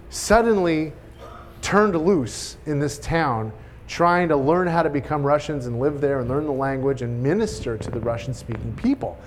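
Middle-aged guy telling a church story, jokey and animated, bit of background noise. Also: fairly high pitch. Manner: animated storytelling, laughs at own jokes. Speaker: church speaker sharing testimony. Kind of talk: sermon-style testimony.

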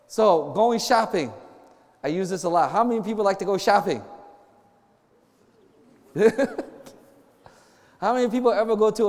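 A man with a high voice preaches to a group in a casual, joking way, acting out quick back-and-forth conversations. His voice rings with the long reverb of a large hall. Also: darkish tone. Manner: chatty, joking, acts out little dialogues. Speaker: campus minister. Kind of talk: informal sermon to a group.

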